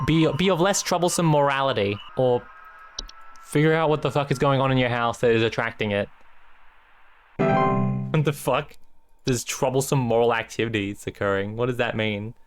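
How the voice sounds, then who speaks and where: A man streaming a game, swearing casually, reading aloud and thinking out loud. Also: mid-range voice. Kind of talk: casual let's-play commentary. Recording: game music playing behind.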